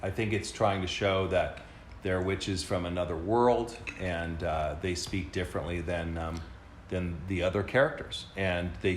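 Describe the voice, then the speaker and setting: A man co-hosting a podcast, explaining at length in a casual way with many fillers and restarts. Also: low-pitched. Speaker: podcast co-host. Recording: echoey room, faint background noise.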